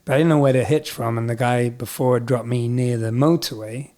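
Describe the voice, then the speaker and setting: Speaking at a brisk clip with medium pitch, this Scottish musician guesting on a podcast mixes Scottish and English in his accent. He's lively as he recounts a story in relaxed chat, performing the quoted voices of its characters.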